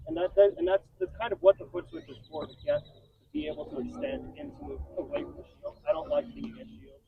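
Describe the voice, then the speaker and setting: A man's voice: high voice, huge pitch swings, fast, gravelly, heavy background noise. A man demonstrating footwork and explaining his fighting technique as he goes. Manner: walks through footwork while demonstrating. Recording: tinny phone-like sound.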